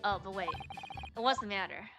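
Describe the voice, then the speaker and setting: A woman streamer reads a game's dialogue aloud in a let's-play, voicing every character herself and tossing in casual asides between lines. Her voice is mid-range and her pace moderate, with game music playing underneath.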